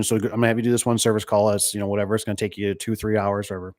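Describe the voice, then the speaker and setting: A man's voice: on the low side, little pitch movement, rapid-fire, darkish tone, no echo. A man who owns a door and gate business, talking casually and rambling, with lots of fillers and "right?" tags, often retelling conversations in quoted dialogue. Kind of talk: casual chat.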